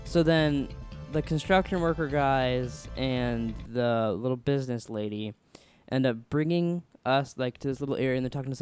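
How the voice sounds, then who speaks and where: A young man hosting a podcast, casually rambling through an animated story. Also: mid-range voice, a little fast, clean tone, dry recording, soft background music. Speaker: podcast host.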